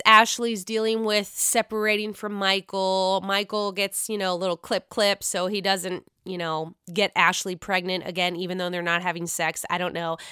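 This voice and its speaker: A woman hosting a casual recap chat, talking in a chatty, profane and animated way. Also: mid-range voice, clean tone, no echo, studio quality. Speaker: podcast host recapping reality TV.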